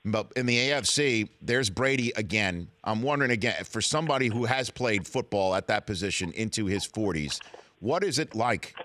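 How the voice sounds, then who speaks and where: A man's voice: on the low side, expressive, moderate pace, sharp tone, no echo. A man hosting a sports talk show, chatty and joking with his guest.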